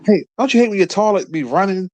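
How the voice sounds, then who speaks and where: A man in his thirties with a Philadelphia accent, telling a story casually, cursing often and breaking into laughter. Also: dry recording. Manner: profane, laughing storyteller, lively bursts of pitch. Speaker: podcast host.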